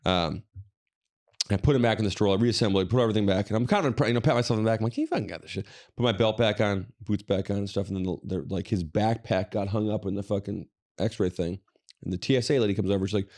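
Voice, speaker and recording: A man's voice: fairly low pitch, fast, darkish tone. A man co-hosting a podcast, telling a rambling, profane story in casual chat. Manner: profane, rambling, quoting others. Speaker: podcast co-host.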